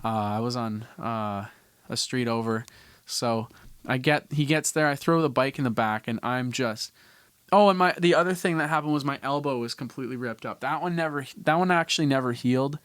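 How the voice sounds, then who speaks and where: A man's voice: mid-range voice, fairly quick, fairly bright tone, clean tone, dry recording. A young man from Canada hosting a podcast, telling a story in a loose, rambling way with lots of restarts and casual swearing. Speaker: podcast host.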